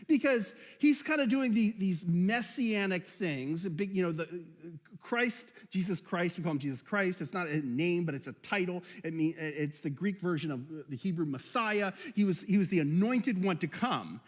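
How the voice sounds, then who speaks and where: Man, pastor, high voice, laid-back sermon, joking, laughs a lot, long hall reverb. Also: expressive, normal speed, hardly any pauses. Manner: casual, joking, laughs often, many restarts. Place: church hall.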